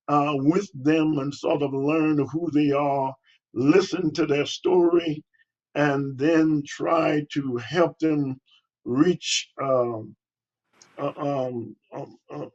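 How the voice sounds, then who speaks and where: An older man, a pastor, answering interview questions in a halting way with many pauses and fillers, on a dull lo-fi recording. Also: fairly high pitch, darkish tone.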